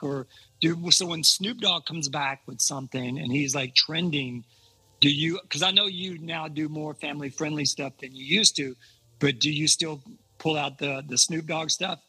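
Bright, husky-voiced male comedian host. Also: fairly high pitch, moderate pace, rough recording. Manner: laughs often, eager interviewer. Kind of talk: casual podcast chat.

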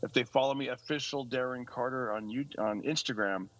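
A man's voice: a little fast, low-quality recording. A man in his forties, a stand-up comedian, chatting casually and animatedly, slipping into funny voices. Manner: animated storyteller who slips into high-pitched joke voices. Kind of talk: casual podcast chat.

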